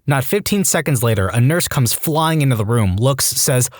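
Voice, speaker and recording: A man narrates reader-submitted stories with a deadpan comic touch. His pitch moves around a lot as he reads. The recording is close and dry, with no room sound. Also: a little fast, few pauses, dry recording. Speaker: story narrator. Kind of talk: reading online stories aloud.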